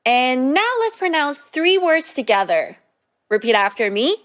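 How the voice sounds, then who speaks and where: A woman teaching a Korean language lesson, speaking clearly and slowly with repeated pronunciation drills. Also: fairly high pitch, big pitch swings, a bit bright.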